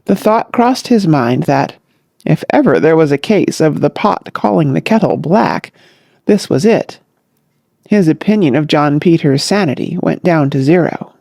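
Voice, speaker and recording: A narrator reading a classic comic novel aloud in a measured, scripted way. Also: mid-range voice, lively intonation, vocal fry, dark tone, no room sound, clean studio sound. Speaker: audiobook narrator.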